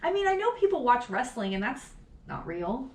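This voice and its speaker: A woman in her forties co-hosting a podcast in casual chat, animated, swearing freely and laughing often. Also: on the high side, moderate pace, reverberant, far from the mic. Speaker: podcast co-host.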